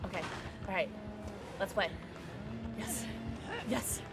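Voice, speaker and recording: A woman streamer giving live gaming commentary, excitable and playful, often squealing and laughing. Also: mid-range voice, moderate pace, long pauses, over loud music. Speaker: livestreamer.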